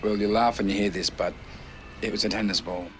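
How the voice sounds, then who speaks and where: A man playing a crude, manipulative male dog in a TV series, with an Australian accent and an offhand, gruff delivery, heard as a distant clip. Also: on the low side, fairly even intonation, a little fast, a bit bright, soft background music, natural voice. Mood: sly. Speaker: TV character.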